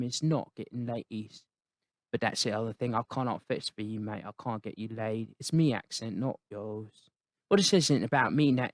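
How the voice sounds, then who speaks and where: A man's voice: medium pitch, darkish tone, dry recording, clean studio sound, voice pushed down, close to an everyday voice. A man putting on a cheeky British bloke. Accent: put-on British. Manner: rambling, cheeky, full of British slang tags. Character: chatty British bloke, adult male fixer, cheeky and rambling. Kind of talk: comedic character review.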